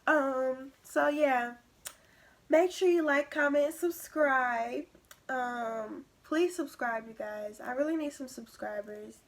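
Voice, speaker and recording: A young woman vlogger telling a personal story in a casual, animated way, acting out what others said. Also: sits high, slow. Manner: animated retelling, acting out quoted lines.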